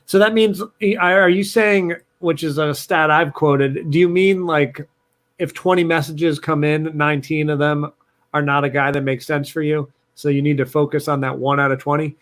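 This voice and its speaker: Guy hosting a live q&a, upbeat, slightly high voice, reading out questions. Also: steady tone, normal speed, a bit bright. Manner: upbeat, reads out viewer questions. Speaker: host. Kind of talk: live Q&A chat.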